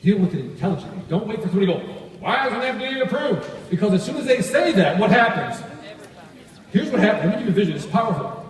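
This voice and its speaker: A man giving a live sales training talk to an audience, energetic and often asking them questions. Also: sits high. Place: large hall. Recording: echoey hall recording from far off.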